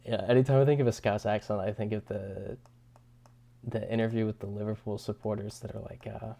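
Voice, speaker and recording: This young man's voice sits lowish and steady, fairly quick, mellow with some vocal fry. He's streaming live and reading viewer comments in a laid-back chat, often chuckling and restarting sentences.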